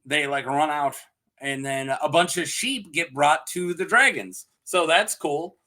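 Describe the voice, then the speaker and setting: Giggly bright-voiced man recapping a show. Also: on the high side, measured pace. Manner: giggly and joking, full of ums and asides. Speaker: TV show reviewer. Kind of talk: casual episode recap from a script.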